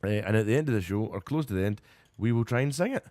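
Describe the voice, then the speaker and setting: A man's voice: on the low side, animated, quick pace, mellow, dry recording. A Scottish man hosting a live radio stream in casual, rambling chat, often breaking into giggles, and a little tired. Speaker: radio show host.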